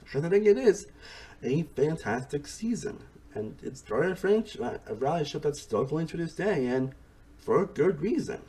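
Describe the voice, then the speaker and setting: A man's voice: on the high side, big pitch swings, normal speed, a little mellow. A man giving a casual spoken review of a TV series, rambling along, restarting his sentences and leaning on "honestly" and "again" as he goes. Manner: restarts sentences mid-thought. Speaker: TV show reviewer.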